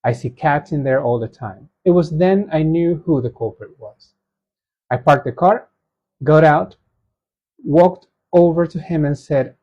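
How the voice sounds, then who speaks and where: A man's voice: on the high side, normal speed, breathy edge. Laughing man reading stories, lo-fi. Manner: reads aloud, breaks into laughter and asides. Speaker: host reading and reacting to stories. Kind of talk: reading submitted stories aloud with commentary. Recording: dull lo-fi sound.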